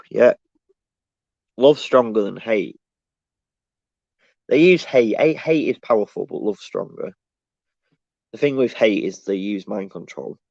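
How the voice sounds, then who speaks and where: A low-voiced man rambles through a casual live-stream monologue, often breaking off and restarting sentences. The sound is dry and a bit dull, like a lo-fi home setup. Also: gravelly, darkish tone, no room sound. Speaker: live streamer answering chat.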